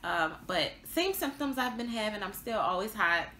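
A woman's voice: medium pitch, expressive, moderate pace, sharp tone, echoey room, slight background noise. A pregnant young woman vlogging a casual update, chatty and rambling with lots of fillers and little laughs. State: pregnant, tired.

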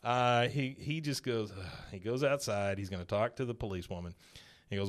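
A man's voice: medium pitch, moderate pace. A man hosting a podcast, casually recapping a cartoon episode and quoting its characters in passing voices. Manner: retells scenes, quoting characters in light put-on voices. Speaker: podcast host.

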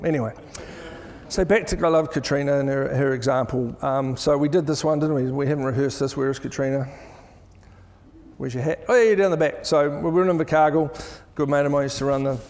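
A middle-aged man with a New Zealand accent tells stories to a crowd in a chatty, joking way. His voice sits fairly high and swings up and down as he talks. It rings out with a long reverb from a large hall. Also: fairly quick, creaky. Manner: chatty, jokey, animated storytelling. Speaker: keynote speaker. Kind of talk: conference talk.

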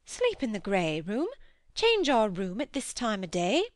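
A woman's voice: mid-range voice, sing-song, normal speed, dry recording, studio quality, natural voice. A woman voicing a plainspoken, homely middle-aged farm wife who talks bluntly.

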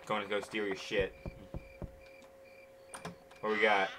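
The audio is poor, with game music underneath a man's low voice, delivered slowly and completely flat. On his gaming channel he gives casual play-by-play commentary, grumbling with impatience and swearing a lot.

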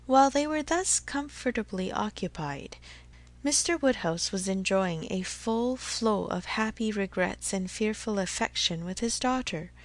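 A woman narrating a classic novel as an audiobook, measured and even. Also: medium pitch.

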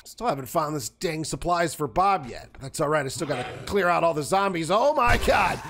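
A man's voice: fairly high pitch, a little fast, a little hiss or hum. A man commentating his own survival game run, joking and talking to the enemies as he plays. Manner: jokey, talks to enemies, animated outbursts. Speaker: gaming video host. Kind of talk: let's play commentary.

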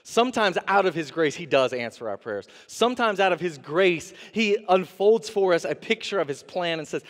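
A man's voice: on the high side, normal speed. Man preaching in a reverberant church. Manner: animated preaching, acts out voices of God and the prophet. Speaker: interim pastor. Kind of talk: sermon. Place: church sanctuary. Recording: long reverb of a church sanctuary.

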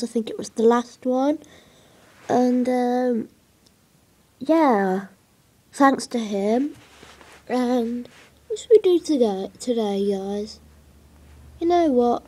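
A woman's voice: a little high, warm tone. A woman giving casual gameplay commentary, hesitant and rambling with many fillers. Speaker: gaming video creator.

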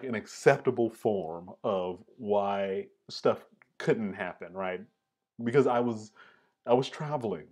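A man hosting a casual chat over tea, filling his talk with "like" and "right?". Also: medium pitch. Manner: chatty, fills with "like" and "right?". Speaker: host.

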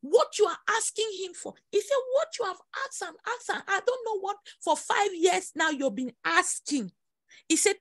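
A high-pitched woman leads a prophetic prayer session. She presses her points with emphatic repetition and sudden exclamations. The sound is dry and close, with no room around it. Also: expressive, unhurried, no echo. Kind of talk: prophetic sermon over prayer call.

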